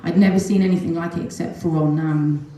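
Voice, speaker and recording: A middle-aged woman, a mother giving an earnest, animated testimonial full of ums and nervous laughs. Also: low-pitched, a little fast. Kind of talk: emotional personal storytelling talk. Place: large echoey room at a talk event. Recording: very echoey room.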